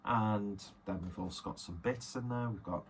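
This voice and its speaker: A man with a somewhat low voice talks through a beer haul in a loose, rambling way, full of fillers and self-deprecating asides. A faint hiss of noise sits under the recording. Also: moderate pace. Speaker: beer reviewer. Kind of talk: casual unboxing chat.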